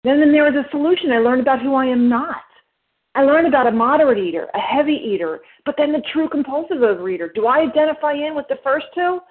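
Higher-voiced woman with a New Jersey accent, emphatic and quick, sharing at a recovery meeting over the phone. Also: expressive. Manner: emphatic, fast-talking, explains step by step. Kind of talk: personal share at a recovery meeting. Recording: phone line.

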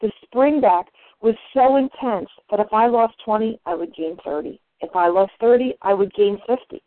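A woman's voice: on the high side, lively intonation, normal speed, no echo. Candid woman sharing over a phone line. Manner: candid, confessional storytelling. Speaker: meeting member sharing. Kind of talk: personal sharing at a recovery meeting. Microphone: phone call.

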